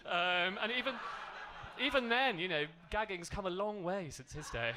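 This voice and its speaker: A man's voice: sits high, expressive, moderate pace, noisy background. A posh gay man doing a rambling stand-up set in a comedy club, full of ums and asides. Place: comedy club stage with audience.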